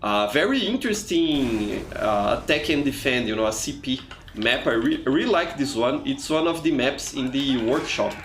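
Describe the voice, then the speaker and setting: A man's voice: medium pitch, expressive, moderate pace, hardly any pauses, a bit bright, a little hiss or hum. A man from Brazil, chatting casually while streaming a game, greeting viewers and filling with "you know". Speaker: streamer and teacher. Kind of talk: casual live-stream chat over gameplay. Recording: echoey room with faint music.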